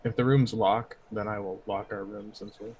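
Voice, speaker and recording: Flat, low-voiced tabletop player. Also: male voice, moderate pace, highs cut off, a little hiss or hum. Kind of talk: casual tabletop play.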